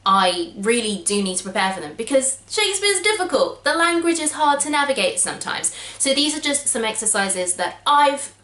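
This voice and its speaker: A woman actor's high voice swings widely in pitch as she explains her audition method to a tripod camera, chatty and upbeat at normal speed with few pauses. Her tone is pushed and bright, and the casual vlog echoes around the room.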